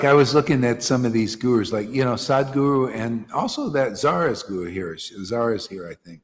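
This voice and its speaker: A man leading a devotional gathering, preaching informally with emphatic rhetorical questions that rise to near shouts. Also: medium pitch, lively intonation, moderate pace, few pauses, long reverb tail. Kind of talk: informal preaching to a small group.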